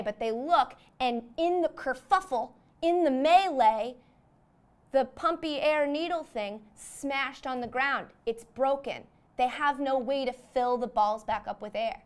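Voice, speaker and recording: This young comedy host has a smooth, high voice. Her monologue wanders through the plot of a film she's making up, and "like" crops up again and again.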